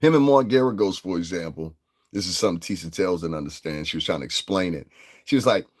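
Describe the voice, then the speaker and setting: A man's voice: deep voice, animated, quick pace. A man, hosting a livestream and delivering a heated, profane, combative rant at his chat. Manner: brash, profane and combative, with laughs. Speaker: livestream host.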